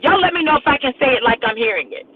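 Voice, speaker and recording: Heard through tinny, phone-like audio with faint noise, a woman preacher with a high, expressive voice races through an emphatic, repetitive prophetic sermon on a live stream. A crowd sounds in the background as she addresses her viewers directly.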